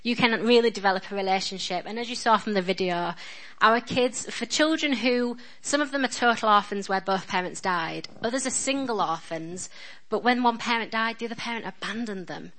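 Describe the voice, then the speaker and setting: A woman's voice: mid-range voice, a little fast, fairly bright tone, poor audio. A woman in her thirties with a Northern English accent, giving a chatty, self-deprecating and earnest sermon as a guest speaker at a church. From England.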